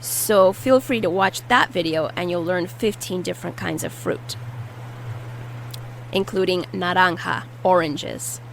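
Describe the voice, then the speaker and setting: Patiently drilling vocabulary, a Spanish teacher repeats every word and explains its pronunciation in a low, creaky voice at a measured pace. The audio is poor, with slight background noise.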